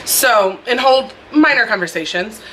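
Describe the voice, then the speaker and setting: A young woman with a bright, clear voice tells a casual storytime vlog. She talks in a chatty, expressive way and speaks straight to her viewers. She records it on her phone indoors, with faint noise behind her. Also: a little high, unhurried. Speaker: vlogger. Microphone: phone camera.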